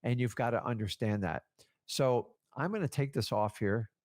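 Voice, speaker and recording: A man's voice: mid-range voice, normal speed. A man giving a casual coaching talk as a real estate trainer, acting out conversations with sellers. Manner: animated, acts out seller conversations.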